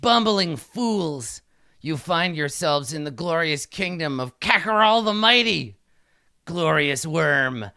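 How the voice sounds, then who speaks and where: A man's voice: lively intonation, takes it slowly, vocal fry, pushed and bright, clear, resonant tone, exaggerated voice. A man voicing a pompous, boastful male kobold king who makes grand proclamations. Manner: booming, self-important proclamations.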